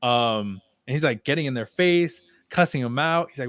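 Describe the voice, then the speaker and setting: A man's voice: medium pitch, lively intonation, fairly quick, a bit bright, dry recording. Laid-back young man, dry close sound. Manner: laid-back, laughs while telling stories, swears freely. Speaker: podcast co-host. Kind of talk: casual chat, storytelling.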